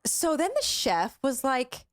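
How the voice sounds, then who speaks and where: Animated young woman telling a story. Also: high voice, takes it slowly. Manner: animated, acts out quoted voices, filler-heavy. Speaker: podcast co-host. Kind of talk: casual storytelling.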